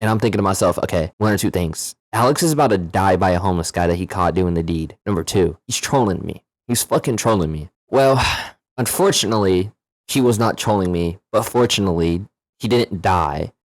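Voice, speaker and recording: A man with a fairly low voice tells a story casually to the camera, animated and full of slang and swearing. The sound is close and dry, with no room around it. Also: fairly quick, no echo. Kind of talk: casual story-time vlog.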